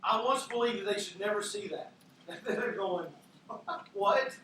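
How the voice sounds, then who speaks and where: High, bright-voiced man preaching in a hall. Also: normal speed. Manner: conversational preaching with self-deprecating asides. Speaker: pastor. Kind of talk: sermon. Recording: echoey hall from far off, faint noise.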